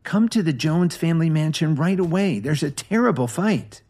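A woman's voice: low-pitched, animated, normal speed, mellow, voice pushed up. A man voicing a frightened young wife who urgently calls the police for help. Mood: urgent panic. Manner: urgent, pleading.

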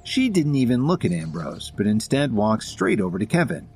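A man narrating a scripted story in an even storytelling delivery. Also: medium pitch, normal speed, husky, faint music behind.

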